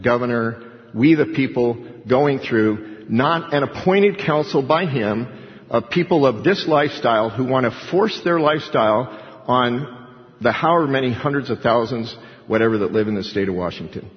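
A male pastor giving an animated sermon and acting out the voices of the people he quotes. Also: medium pitch. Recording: dull lo-fi recording with hall reverb.

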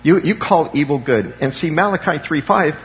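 A man's voice: fairly high pitch, animated, normal speed, dull audio, slight background noise. A man preaching an impassioned sermon as a pastor, calling on the congregation for amens.

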